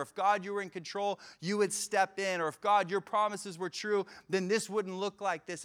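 A man preaching a sermon in a relaxed, conversational way, acting out quotes with bursts of energy. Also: fairly high pitch, clear, resonant tone. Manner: conversational, animated retelling with acted-out quotes. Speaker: pastor.

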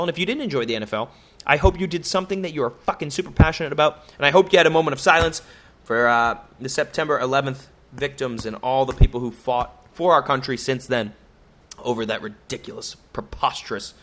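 A young man hosting a casual solo podcast, joking and cursing through loose, animated stories. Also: medium pitch. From United States. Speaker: podcast host.

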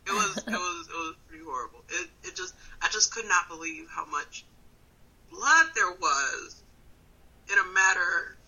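Animated, laughing woman with a bright, husky voice. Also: fairly low pitch, normal speed, dull audio. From Wisconsin. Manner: animated, laughing often, swings between loud and quiet. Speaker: comedian guest. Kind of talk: casual storytelling on a phone call. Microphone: phone call.

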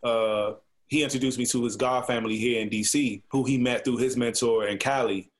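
A man in his thirties from Washington, DC, a guest telling a story in casual conversation. He is animated and slangy and acts out the voices he quotes. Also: mid-range voice, brisk.

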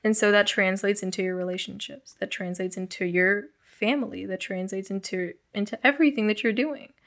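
A woman's voice: mid-range voice, a little fast. Candid young woman telling her story. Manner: frank, profane, animated retelling. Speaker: guest.

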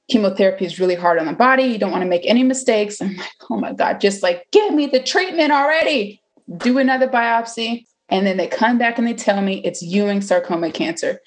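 A woman's voice: mid-range voice, fast. A woman in her twenties candidly telling a personal story, chatty, with many fillers and acted-out quotes. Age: 20s.

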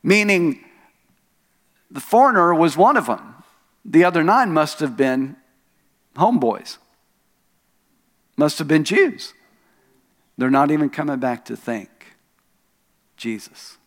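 A man pastor preaching a sermon, telling a story with rising emphasis on key lines and soft asides. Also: fairly high pitch, big pitch swings, slow, pauses often. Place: church sanctuary. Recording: long hall reverb.

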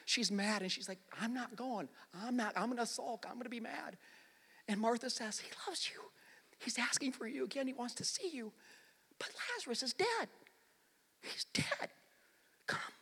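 A man preaching a sermon in a bright, high voice that rings out with long reverb across a large hall. He swings from hushed, near-whispered lines to shouted peaks. He drives his points home by repeating them. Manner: repeats phrases for emphasis. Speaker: pastor.

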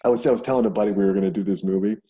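A man's voice: fairly low pitch, fairly even intonation, very fast, warm tone, slightly rough. A man co-hosting a casual movie chat, laid-back with dry humor. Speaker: podcast co-host.

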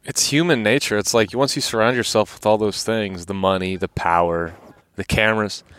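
A man's voice: on the low side, steady tone, normal speed, a bit bright, clear, resonant tone. A young man co-hosting a podcast in casual chat, easygoing and asking follow-up questions. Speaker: podcast co-host. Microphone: headset.

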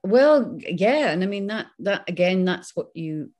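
A woman with a Scottish accent, a voice actress chatting as a guest in an interview, lively and quick to laugh. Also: on the low side, faint music behind. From Scotland. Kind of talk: casual interview chat.

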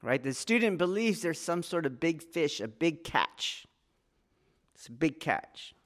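A man's voice: a little high, sing-song, measured pace, a bit bright. Earnest man giving a spoken lesson. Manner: earnest, repeats key phrases for emphasis; asks the listener rhetorical questions. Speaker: martial arts teacher. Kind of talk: spoken teaching talk.

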